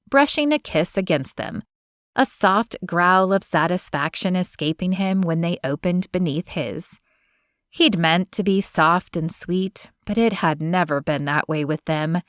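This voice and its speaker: A woman narrating a romance audiobook in a measured, gentle way, close to a studio mic. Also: lowish voice, expressive, no room sound. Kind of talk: scripted narration of a romance novel.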